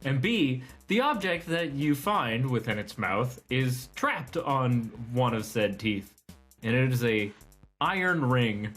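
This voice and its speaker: A man's voice: medium pitch, animated, slow, fairly bright tone, soft background music. A man running a tabletop game as game master, describing the scene casually and vividly, with some swearing.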